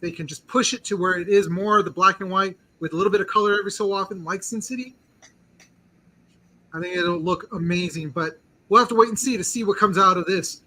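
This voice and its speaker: A male host with a high voice and a sharp, cutting brightness. He leads a casual chat, rambling eagerly and leaning on "like" as he thinks aloud. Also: a little fast, low-quality recording. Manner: eager, rambling, heavy use of "like". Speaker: podcast host.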